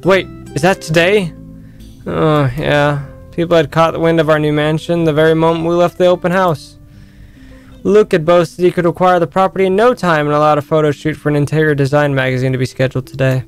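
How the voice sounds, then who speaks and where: Male streamer, slightly high voice; reads game narration and chats with viewers over faint music. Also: steady tone, brisk, clean tone. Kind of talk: game playthrough, reading story aloud and chatting.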